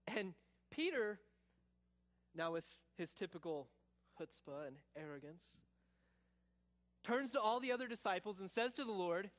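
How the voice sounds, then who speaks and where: High-voiced man preaching a sermon. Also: unhurried, pauses often. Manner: animated storytelling, acting out quotes, drops to quiet intensity. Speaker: pastor.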